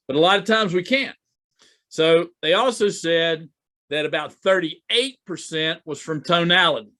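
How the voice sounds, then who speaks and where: A man's voice: a little high, a little slow, sharp tone. A man talking as a business coach in a casual, conversational way, often repeating and restarting his words. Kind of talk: casual talk to camera. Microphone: video recording to camera.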